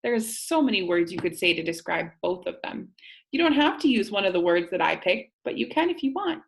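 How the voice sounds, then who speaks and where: A woman teacher reading a storybook aloud and explaining it to students, asking them gentle questions. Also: medium pitch, very animated, a little fast, gravelly.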